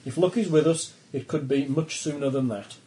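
A man's voice: a little high, normal speed, warm tone, close to an everyday voice, rough recording. A man voicing a professor leading a polar expedition, briefing the crew in a formal, lecturing way. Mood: measured.

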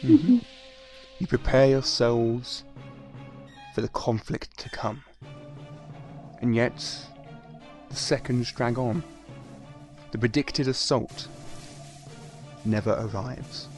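A man narrating as game master of a tabletop game, dry and deadpan with curt answers. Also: mid-range voice, slow pace, pauses often, soft background music.

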